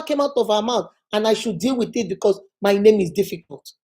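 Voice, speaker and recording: Woman, vlogger, casual storytelling, animated, slightly high voice, mellow tone. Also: normal speed, few pauses. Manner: animated, acts out quoted voices. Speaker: motivational vlogger.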